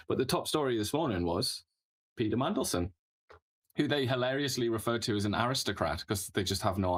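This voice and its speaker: A man co-hosting a political talk show, talking casually and rambling, chuckling mid-sentence and ending points with tag questions. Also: deep voice.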